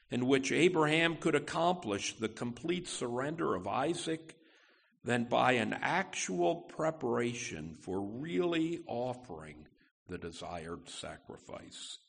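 A male pastor preaching an expository sermon in a church sanctuary. His voice carries a gravelly fry, and he moves slowly and deliberately through the text, pausing and restarting phrases as he explains it. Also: medium pitch. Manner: slow, deliberate preaching with pauses and self-corrections.

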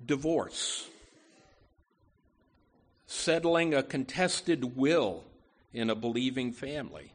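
A man's voice: medium pitch, expressive, slow, long pauses, breathy edge. A man preaching a sermon, emphatic, often adding "you know" asides, with words that swell and drop.

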